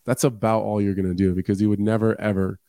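A podcast co-host man who speaks bluntly and swears freely in loose, rambling chat. His voice sits low and mellow. The sound is dry and close, with no room around it. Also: flat delivery, fast talker, no room sound. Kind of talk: casual chat.

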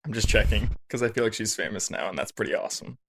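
A man playing a deadpan list-keeping director. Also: on the low side, quick pace, creaky, background noise. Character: male film director, fussy boss keeping lists. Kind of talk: improv comedy scene.

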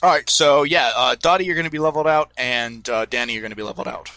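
A man narrates a tabletop game as its game master, wandering through his descriptions and correcting himself as he goes. His voice is bright and forward, recorded dry and close over a desk mic. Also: mid-range voice, quick pace, dry recording, soft background music. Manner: rambling, self-correcting, filler-heavy. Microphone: headphones and desk mic.

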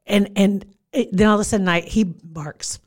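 A woman in casual chat, telling a story in an animated way and laughing often. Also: mid-range voice, moderate pace.

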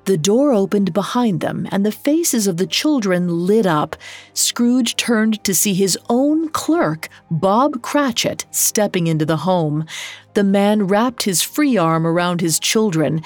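A woman narrating a scripted storybook in a measured, gently dramatic way. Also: mid-range voice.

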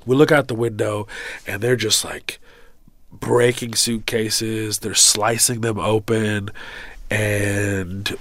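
Animated male comedian telling a story. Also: fairly low pitch, takes it slowly, no echo. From Kuwait. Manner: animated storyteller, acts out quotes. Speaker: comedian guest. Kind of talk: storytelling interview.

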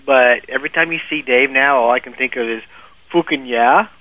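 Speaking quickly in a mid-range voice, this man is a podcast guest telling a long, funny story, frequently laughing and starting his sentences over. The audio sounds phone-like and lo-fi, and it's dry.

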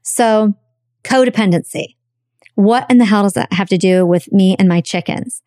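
A woman's voice: medium pitch, moderate pace, no room sound, clean studio sound. Chatty woman telling a personal story. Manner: chatty, animated, acts out quoted voices.

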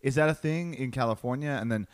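A man's voice: medium pitch, quick pace, clean tone, dry recording. A man co-hosting a podcast, teasing and interrupting his co-host in casual chat.

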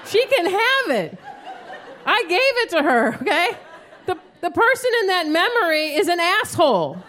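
Brief: woman stand-up comic, 30s, salty and animated, live club with faint crowd. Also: very high-pitched, normal speed. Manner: profane, animated storytelling with acted outbursts. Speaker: stand-up comedian. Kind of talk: stand-up comedy set. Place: comedy club stage before a live audience. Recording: live show with audience noise.

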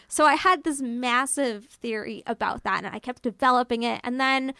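A woman's voice: on the high side, normal speed, vocal fry, hardly any pauses, sharp tone, smooth, no echo, clean studio sound. A young woman casually telling a personal spooky story, chatty and full of fillers, swearing freely and acting out what she said. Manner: chatty, filler-heavy, swears freely, acts out her own quotes.

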